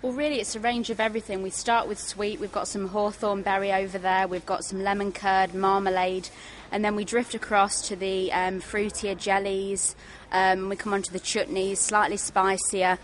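A woman's voice: mid-range voice, flat delivery, normal speed, slight background noise. Hesitant woman listing her products. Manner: plain, listing, hesitant with ums. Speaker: stall worker. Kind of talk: product description at a stall.

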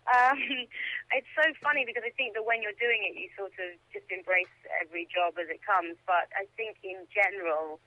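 A woman's voice: medium pitch, normal speed, no echo. A woman guest, an actress, speaking on a call-in line, giggly and enthusiastic. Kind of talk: phone-in interview. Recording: tinny phone line.

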